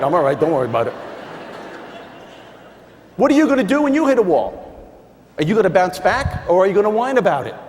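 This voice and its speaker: A man giving a stand-up style motivational talk, animated and acting out voices for laughs. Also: sits high, a little hiss or hum. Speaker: motivational speaker. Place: large hall with audience. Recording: live hall recording with reverb.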